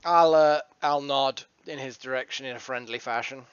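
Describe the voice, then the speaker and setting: A chatty man describing his moves in a tabletop game with a joking tone. His voice is smooth and resonant, but the recording is dull and dry. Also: medium pitch, normal speed, no echo. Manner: chatty, jokey. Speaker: player.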